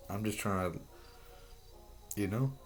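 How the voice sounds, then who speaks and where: A man explaining a drawing in a rambling, halting way, swearing often and restarting his sentences. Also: on the low side, soft background music. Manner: profane, halting, full of restarts.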